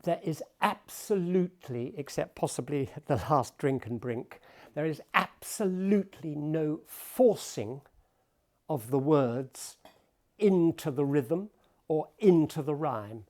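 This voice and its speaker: Slow, thoughtful male piano lecturer. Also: a little high, lively intonation, a little mellow. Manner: thoughtful, explanatory, with pauses. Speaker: pianist and lecturer. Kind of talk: talk at the piano about poetry and music.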